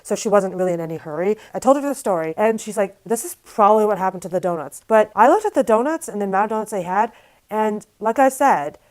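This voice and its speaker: A woman vlogger telling a story to camera in a casual, animated, exasperated way, with lots of "like". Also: medium pitch, fast, low-quality recording. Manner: casual, filler-heavy speech with frequent "like".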